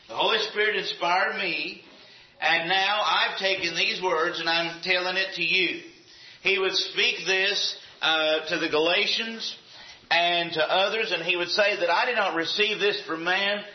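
High-voiced preacher in a roomy hall. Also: male voice, muffled recording. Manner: expository, reads and restates scripture verses aloud. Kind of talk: sermon.

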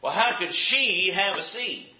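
High-voiced preacher in a roomy hall. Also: male voice, lively intonation, measured pace, dull audio. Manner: expository, reads and restates scripture verses aloud. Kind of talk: sermon.

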